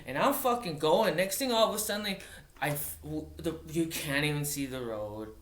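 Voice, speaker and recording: A man's voice: on the high side, animated. Firefighter guy telling a story, swears a lot, keeps restarting, echoey room. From Montana. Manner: profane, halting, with many restarts. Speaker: wildland firefighter. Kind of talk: casual spoken storytelling. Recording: roomy echoey recording.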